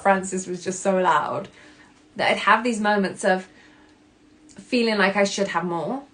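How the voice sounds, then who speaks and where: Candid, expressive woman podcaster. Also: medium pitch. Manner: candid and expressive, swearing casually, acting out her own past reactions. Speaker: podcast host. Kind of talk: personal self-help podcast talk.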